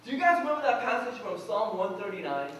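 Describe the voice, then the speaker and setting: A man with a notably high voice preaches in a relaxed, conversational way, putting questions to his congregation. He is picked up from a distance in a church hall full of echo, with faint room noise behind him. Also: fast. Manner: humorous personal anecdotes. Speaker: pastor. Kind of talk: sermon. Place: church sanctuary. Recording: echoey church hall from far off.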